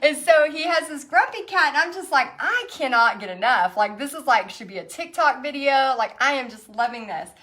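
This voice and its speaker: A woman's voice: sits high, expressive, normal speed, few pauses, sharp tone. A middle-aged woman, telling a story with lots of laughter while leading an online painting class. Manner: chatty storytelling with frequent laughs. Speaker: painting instructor hosting an online paint party. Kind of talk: casual chat while painting.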